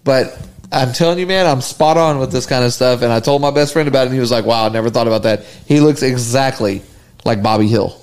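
A man's voice: mid-range voice, fast, darkish tone. A man co-hosting a podcast, telling profane, laughing anecdotes in casual chat. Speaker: podcast co-host.

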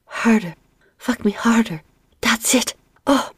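A woman voicing a passionate woman with a high, breathy, panting voice. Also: fast, darkish tone, no room sound.

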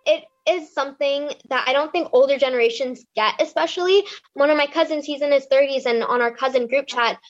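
A woman's voice: sits high, fairly quick. A nineteen-year-old woman from California earnestly tells a personal story as a young climate volunteer. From California, USA. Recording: muffled recording with music underneath.

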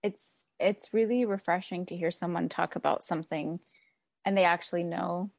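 A woman hosting an interview, chatty and quick to laugh while asking her guest questions. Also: fairly low pitch, fairly even intonation, vocal fry, a little mellow, no room sound, studio quality. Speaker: interview host. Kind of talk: casual interview.

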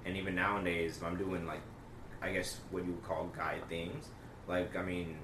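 Young man, very deep voice, laid-back, lots of fillers, echoey room, clear background noise. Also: flat delivery, normal speed, recorded from a distance. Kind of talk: casual chat.

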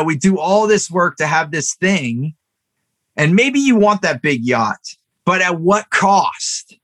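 A man in his thirties or older, a podcast guest, telling a story in an animated way with frequent restarts. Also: on the high side, no echo. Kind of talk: storytelling interview talk.

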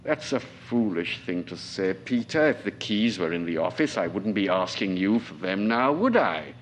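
A man's voice: low-pitched, big pitch swings, normal speed. A man reading aloud and voicing a stern, domineering colonel who talks down to his staff in a clipped, scornful way. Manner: clipped, scornful, sudden sharp outbursts. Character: stern aging male colonel, cutting, domineering.

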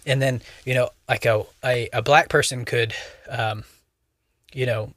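A young man talks through a casual podcast discussion, circling his point with plenty of "like" and "you know" and restarting his sentences. His voice sits at a middle pitch and is recorded close and dry, with no room sound around it. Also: steady tone, unhurried, fairly bright tone, no echo. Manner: rambling, many fillers and restarts. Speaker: podcast co-host.

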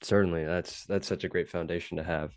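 A man's voice: sits low, fairly even intonation, a little fast, no echo, clean studio sound. A young man hosting a casual interview, easygoing and affirming as he asks questions. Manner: easygoing, affirming, laughs along. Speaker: podcast host, former minor league player.

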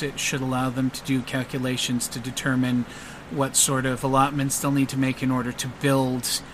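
A man voicing a calm, quiet businessman who talks softly and plainly. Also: mid-range voice, a little hiss or hum, natural voice. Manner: soft-spoken and matter-of-fact.

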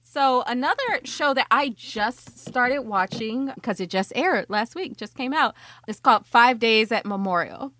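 A woman co-hosting a podcast in casual chat, animated and emphatic, blunt and profane, often laughing as she talks. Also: fairly high pitch, unhurried, no echo. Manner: laughs often while talking. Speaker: podcast co-host.

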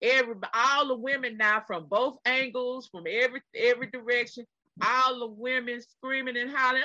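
A woman's voice: moderate pace, dry recording, muffled recording. A woman with a Texan accent, co-hosting a casual chat and animatedly retelling a story, acting out what people said. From Texas. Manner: animated retelling, acting out quotes in a high screaming voice. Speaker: podcast co-host.

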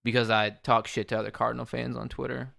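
A man's voice: medium pitch, level tone, fast, gravelly, a bit bright. A man co-hosting a podcast, teasing the others in casual chat. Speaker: podcast co-host.

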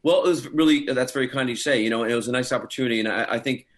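An actor of Scottish parentage chats in a casual interview, rambling from story to story with many fillers. His mid-range voice moves very fast.

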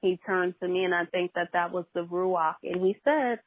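Woman minister, podcast guest, lower register, halting storytelling, tinny phone-line audio. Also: steady tone, dry recording. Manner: storytelling, with many hesitations. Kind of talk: faith testimony in a podcast interview.

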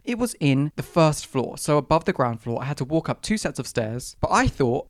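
A man's voice: on the high side, dry recording, clean studio sound. A young man hosting his own podcast, telling stories from his month in a sassy, dramatic way. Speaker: podcast host. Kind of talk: casual solo podcast storytelling.

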